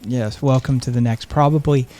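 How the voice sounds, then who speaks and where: A live stream host casually chats and reads viewer comments, soft and sedated, laughing and saying "um" often. The voice has a medium pitch and steady tone at a moderate pace, with faint music in the background.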